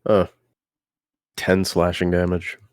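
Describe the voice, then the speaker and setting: Male tabletop player, deep voice, blunt and profane, dry close sound. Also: completely flat delivery, slow, smooth, no room sound. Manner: blunt, swearing. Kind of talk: casual tabletop play.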